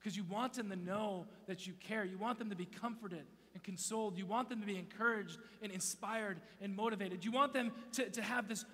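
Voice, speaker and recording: A man in his thirties giving a sermon to a young crowd, playful and swinging from loud bursts to hushed near-whispers. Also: high-pitched, brisk, few pauses. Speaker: youth speaker. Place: church auditorium. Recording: long hall reverb, faint hum.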